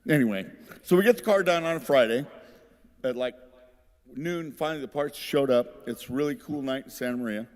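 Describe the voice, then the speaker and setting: A man's voice: mid-range voice, fairly quick. A middle-aged man giving a rambling, humorous acceptance speech, telling stories in a folksy way and laughing at his own jokes. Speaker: hall of fame inductee giving a speech. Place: large ceremony hall. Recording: long hall reverb.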